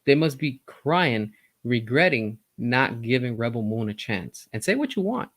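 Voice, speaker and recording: A man giving casual, opinionated commentary, speaking directly to his viewers with animated emphasis. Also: mid-range voice, measured pace, no echo. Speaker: entertainment news commentator.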